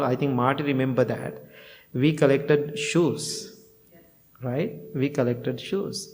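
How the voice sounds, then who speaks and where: Chuckling monk giving a homely talk. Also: male voice, medium pitch, a little mellow. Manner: plain simple phrasing with chuckles, acts out both sides of conversations. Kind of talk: informal dharma talk to a temple group.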